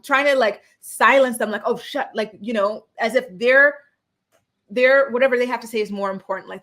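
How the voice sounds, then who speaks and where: Woman, casual recap host, opinionated, animated, acts out quotes. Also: medium pitch. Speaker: reality show recap host.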